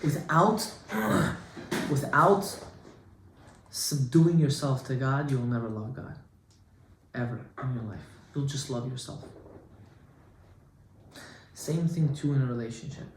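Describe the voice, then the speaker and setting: A man giving an informal Torah class as a rabbi, animated and conversational, with Hebrew terms mixed in. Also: mid-range voice, slow, pauses often. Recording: echoey room with faint noise.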